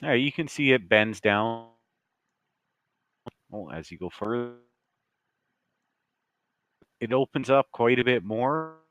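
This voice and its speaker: A man's voice: medium pitch, expressive, takes it slowly, long pauses, fairly bright tone, no room sound, muffled recording. A man running a tabletop game as game master, narrating scenes in a casual, loose way with the odd swear word.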